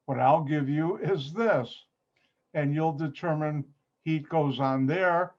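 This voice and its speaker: A man teaching an online chemistry lab, unhurried and breaking his sentences up with pauses. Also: a little high, darkish tone. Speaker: chemistry instructor. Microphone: computer mic on a video call. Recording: dull, muffled video-call audio.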